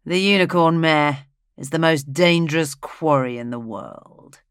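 A narrator voicing a drunk nobleman hunter who speaks curtly and in an understated, quietly dangerous way. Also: mid-range voice, a little slow, smooth, no room sound, clean studio sound. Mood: dry.

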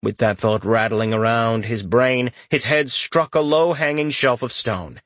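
A man reading a fantasy audiobook aloud in a steady storytelling voice, lifting his pitch for dramatic lines. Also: a little slow, no echo. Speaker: audiobook narrator. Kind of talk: scripted fantasy audiobook narration.

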